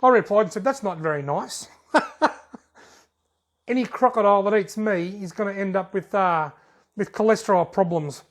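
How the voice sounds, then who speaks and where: A man's voice: sits high, normal speed, pauses often. An Australian man hosting a fishing video channel, casually reading out viewer comments in a jokey, laid-back way and chuckling often.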